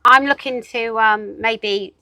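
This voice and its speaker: A woman's voice: on the high side, slow pace, sharp tone, dry recording. A woman hosting a casual interview, encouraging her guest with light teasing. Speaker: host. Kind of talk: casual chat.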